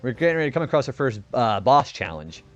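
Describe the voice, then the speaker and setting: A man's voice: medium pitch, big pitch swings, fast talker, muffled recording, faint music behind. Chatty, laid-back streamer man. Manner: chatty and laid-back, greets viewers, laughs often. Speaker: game streamer. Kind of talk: casual live-stream commentary.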